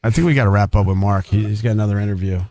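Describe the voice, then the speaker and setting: A man hosting a talk radio show, briskly plugging his guest's projects and wrapping up the interview. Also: on the low side, warm tone.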